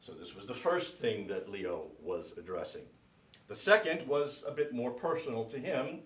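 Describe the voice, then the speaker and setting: A priest giving a classroom lecture, speaking slowly and deliberately and spelling out names letter by letter for his class. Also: medium pitch. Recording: echoey room, mic at a distance.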